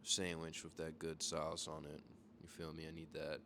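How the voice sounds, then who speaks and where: A man's voice: rumbling low, completely flat delivery, normal speed. A man in his twenties from Florida, a podcast guest talking in a laid-back, slangy way. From Florida, United States. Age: 20s. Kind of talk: casual podcast chat. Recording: clear background noise.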